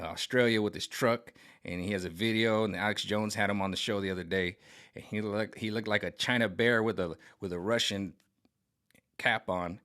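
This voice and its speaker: A man's voice: fairly low pitch, fairly bright tone. A man giving a casual tarot card reading to his viewers, talking in a rambling, repetitive and emphatic way with many restarts. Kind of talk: casual spiritual vlog reading.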